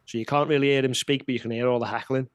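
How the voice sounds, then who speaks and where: A man's voice: mid-range voice, fairly even intonation, very fast, dry recording. A man co-hosting a casual political chat, blunt and heated. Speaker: podcast co-host.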